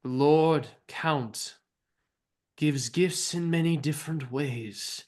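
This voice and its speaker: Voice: medium pitch, takes it slowly, darkish tone, close to an everyday voice. A man voicing a solemn woman cult leader. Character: woman cult leader addressing red-cloaked followers. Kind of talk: narrating a tabletop game.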